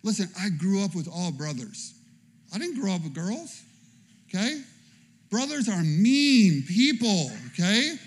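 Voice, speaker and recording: A man preaching with a lively, high-pitched voice that climbs and dips freely. He preaches casually and tells funny personal stories, often tossing out a quick "okay?" to the crowd. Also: a little hiss or hum. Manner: animated, conversational preaching with frequent "okay?". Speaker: pastor. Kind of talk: sermon.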